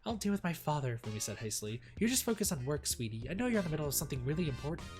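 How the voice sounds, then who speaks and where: A sweet young woman speaks in a high, soft voice, as a man reading a game voices her. She is caring and gentle, quick to reassure. Her tone stays tender and girlish. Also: sing-song, music in the background. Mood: soothing. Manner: sweet, pleading.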